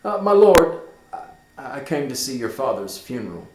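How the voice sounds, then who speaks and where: A man voicing a loyal, earnest young friend who reports in a halting, careful way. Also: medium pitch, sing-song, darkish tone, voice pushed up, close to an everyday voice. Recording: echoey room.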